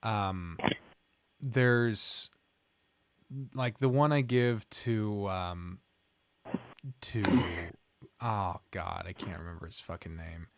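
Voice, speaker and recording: Midwestern streamer, unhurried, lowish, rambling casual chat, faint hiss. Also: male voice. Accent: Midwestern American. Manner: rambling, trailing off with ums and restarts. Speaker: streamer and visual novel narrator.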